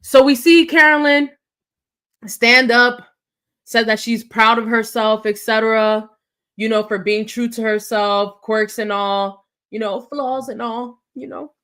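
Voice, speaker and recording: A woman co-hosting a podcast, retelling scenes in a quick, animated way and acting out what people said. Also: on the high side, clear, resonant tone. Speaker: podcast co-host. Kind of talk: casual recap chat.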